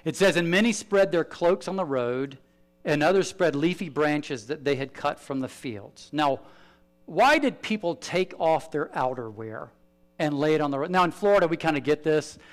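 With a slightly high voice and a moderate pace, this man delivers a sermon as a pastor. His delivery is lively, shifting from loud, emphatic points to quiet asides.

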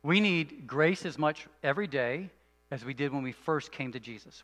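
A man preaching a sermon as a pastor, earnest, moving between emphatic and hushed delivery. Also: fairly high pitch, expressive, normal speed, big-room sound.

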